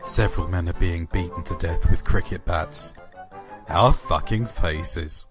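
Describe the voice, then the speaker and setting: Over background music, a low-voiced narrator and channel host tells horror stories at an unhurried pace. He chats casually in a dry, offhand way and swears now and then.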